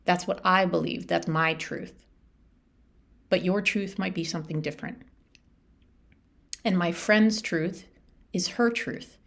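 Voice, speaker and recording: A woman's voice: fairly low pitch, slow, gravelly, pauses often. A middle-aged woman life coach hosting a solo podcast, talking in an earnest, heartfelt way with lots of repetition. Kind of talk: reflective solo podcast talk.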